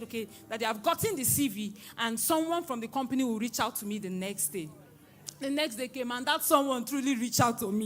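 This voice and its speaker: Excited Nigerian woman giving testimony. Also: a little high. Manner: excited, exclaiming, quoting others in dialogue. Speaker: testimony giver at a church service. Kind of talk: emotional testimony.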